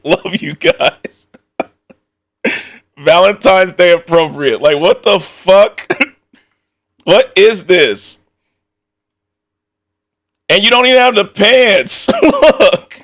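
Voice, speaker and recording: A man's voice: sits high, a bit bright. A young man streaming, reacting casually to outfits with constant laughter, swearing and joking banter.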